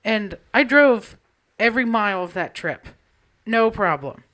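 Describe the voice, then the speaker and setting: A woman co-hosting a casual podcast chat. She tells her stories with animated energy and some blunt swearing. Her voice sits at an ordinary middle pitch for a woman. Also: unhurried. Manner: animated storytelling, frequent swearing. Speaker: podcast co-host.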